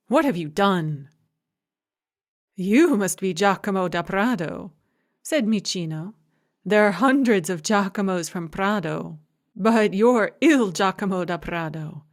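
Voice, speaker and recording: Woman narrating a fantasy audiobook. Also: mid-range voice. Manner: reads all characters with only slight voice changes. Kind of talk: scripted narration.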